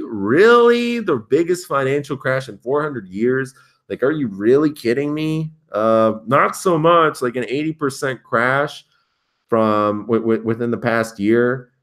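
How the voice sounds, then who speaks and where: A young man hosting casual commentary, reading headlines aloud and reacting with sarcastic, incredulous remarks and sudden jumps in pitch. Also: fairly bright tone. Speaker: crypto commentary host.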